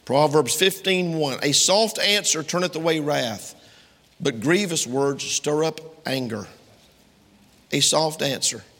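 A man's voice: on the high side, slow pace, a bit bright, long reverb tail. A man preaching a sermon to a congregation, quoting King James scripture emphatically and speaking to his listeners directly.

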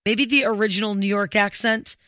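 Chatty on-air radio host with a bright voice, recorded close and dry. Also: medium pitch, fairly even intonation, a little fast, dry recording. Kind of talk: casual on-air radio chat.

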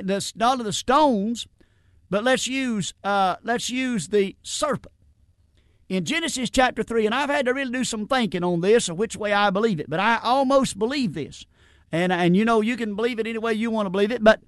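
A middle-aged man preaches a sermon in a plain, folksy style, stumbling over repeated words, restarting often, and dropping in frequent amens. His voice sits high and a bit bright, recorded at studio quality with no room sound.

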